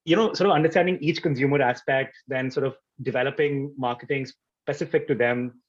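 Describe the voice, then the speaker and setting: A quick-talking man chats as a podcast guest, loose and slangy, dropping "like" and "man" all the time. His voice comes through a dull, lo-fi recording. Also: medium pitch, steady tone. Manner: laid-back, slangy, peppered with "like" and "man". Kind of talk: casual conversation.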